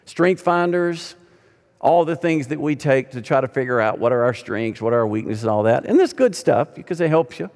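A man's voice: mid-range voice, animated, moderate pace. Male pastor preaching in a reverberant hall. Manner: dynamic preaching, swinging from loud to hushed. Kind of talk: sermon. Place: church sanctuary.

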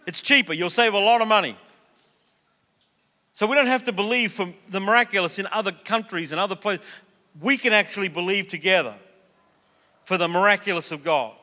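A man preaching a sermon, telling a story and acting out the voices in it. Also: sits high. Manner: animated, acts out quoted voices. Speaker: pastor. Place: church auditorium. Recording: long reverb of a church hall.

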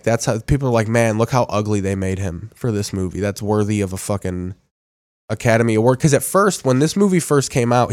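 A man's voice: medium pitch, darkish tone, dry recording. A man hosting a podcast, doing casual, profane commentary in a mocking, crude tone with heavy swearing. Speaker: podcast host. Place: studio in a large city.

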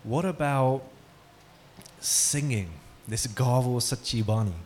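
A man gives a talk in a hall, speaking at a middle pitch and often turning to his listeners with questions. The recording carries a faint hum of room noise. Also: slow, a little mellow. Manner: engaging, asks the audience questions. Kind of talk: interactive talk to an audience. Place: hall with an audience.

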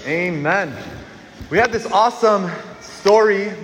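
A man preaching a lively sermon to children, leading them in call-and-response. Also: high voice, slow pace, a little hiss or hum. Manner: animated, leads call-and-response shouting. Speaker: priest. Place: church. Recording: echoey church hall.

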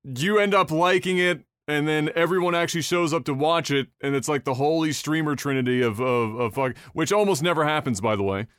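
A man's voice: a little high, brisk, fairly bright tone, clean tone, no room sound, clean studio sound. Laid-back, profane man on a podcast. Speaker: podcast co-host and game reviewer. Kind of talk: casual podcast chat.

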